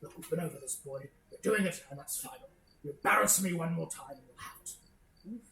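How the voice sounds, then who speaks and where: A woman's voice: sits low, fairly quick, roomy sound, crowd noise. A woman voicing a stern, scarred nobleman and father who speaks curtly and commandingly.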